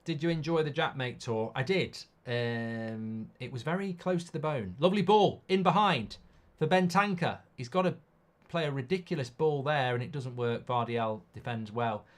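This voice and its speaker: This host has a medium-pitched voice with lively intonation, talking at normal speed with few pauses. During his live football watchalong he stays casual and blunt, breaking off from match reactions to read viewer comments aloud.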